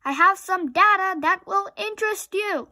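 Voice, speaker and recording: A woman voicing a calm, logical, friendly robot in a storybook read-aloud, speaking in formal, precise phrases. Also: extremely high pitch, moderate pace, voice pushed up, exaggerated voice.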